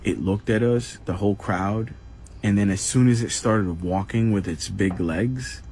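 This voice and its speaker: A man with a low, dark voice telling about an eerie encounter. He rambles hesitantly, stopping often on fillers as he searches for his words. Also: a little slow, slight background noise.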